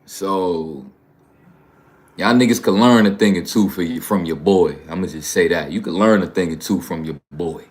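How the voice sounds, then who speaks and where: A man's voice: low voice, moderate pace. A man from New York hosting a livestream, talking bluntly and profanely in a rambling, casual way. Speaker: livestream host.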